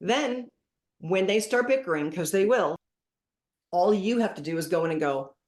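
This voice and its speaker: A middle-aged woman giving parenting advice as a podcast guest, lively and acting out what to say to kids. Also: on the low side, moderate pace. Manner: animated, acts out dialogue with kids as examples. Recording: roomy echoey room.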